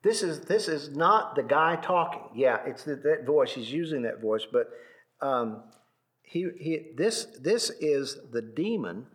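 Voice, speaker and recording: A man's voice: on the high side, lively intonation, a little slow, a bit bright. A man leading a Bible class, teaching animatedly with many restarts and repeats.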